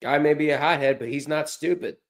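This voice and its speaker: Fairly high-pitched and fairly quick, this man chats casually through a college basketball live stream. He wanders from point to point, keeps fixing his sentences halfway through and cracks self-deprecating jokes.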